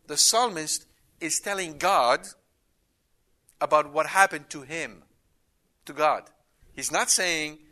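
A man's voice: on the high side, lively intonation, normal speed, bright, forceful tone. A man giving an emphatic Bible study lecture, reading scripture aloud with rising intensity. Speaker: Bible teacher.

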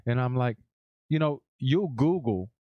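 A man's voice: mid-range voice, animated, a little slow, no room sound, muffled recording. A man co-hosting a podcast, telling a story in casual chat, blunt and profane. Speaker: podcast co-host.

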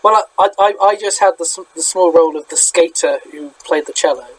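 A man's voice: fairly high pitch, brisk, slightly rough, dry recording, low-quality recording. A British man co-hosting a podcast, chatting casually and rambling in a self-deprecating way. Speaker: podcast co-host. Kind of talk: casual chat.

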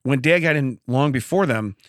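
A man's voice: medium pitch, normal speed, dry recording, clean studio sound. A man co-hosting a morning radio show, bantering casually and laughing often as he tells stories. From Illinois. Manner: laughs often, animated storytelling.

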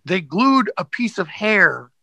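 A man's voice: high voice, sing-song, slow pace, creaky, bright, forceful tone, dry recording, rough recording. A man, an actor, telling stories as a guest in a casual interview, rambling with many fillers and restarts.

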